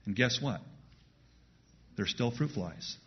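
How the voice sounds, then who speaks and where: A man's voice: medium pitch, lively intonation, takes it slowly, husky, highs cut off. A man teaching verse by verse through a sermon, who jokes and laughs at himself, then repeats key words with emphasis. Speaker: pastor.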